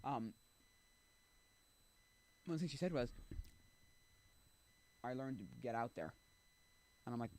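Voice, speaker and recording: A man's voice: mid-range voice, fairly quick, long pauses, mellow. A man streaming, chatting casually and rambling with lots of fillers while he thinks aloud. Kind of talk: casual chat.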